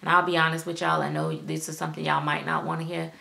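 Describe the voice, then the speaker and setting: A woman vlogging about her collection in a loose, chatty way. Her voice sits low with a gravelly fry running through it, and she speaks frankly and candidly to her viewers. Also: little pitch movement, fast, sharp tone. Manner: candid and chatty, acting out quoted reactions. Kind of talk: casual chat to viewers.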